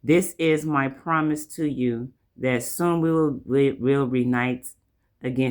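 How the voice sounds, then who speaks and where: A man with a Southern US accent giving a casual tarot reading. He rambles, keeps repeating himself, and slows right down to draw out the messages he reads from the cards. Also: fairly high pitch, fairly even intonation, a little mellow. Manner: rambling, repeats "like I said" and "you know". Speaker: tarot reader.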